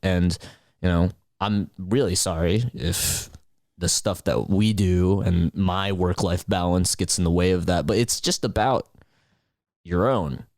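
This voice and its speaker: A man's voice: sits low, steady tone, a little slow, darkish tone, no echo, clean studio sound. A man playing a tabletop game, speaking earnestly in character with rambling restarts. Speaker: player.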